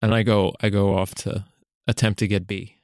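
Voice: deep voice, little pitch movement, normal speed, darkish tone, dry recording, clean studio sound. A tabletop game player chatting casually with offhand, jokey replies. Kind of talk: casual play talk.

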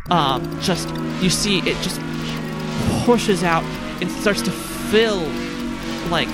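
Running a tabletop session as its game master, this man's narration stumbles along, full of filler words and restarts. His pitch leans high.

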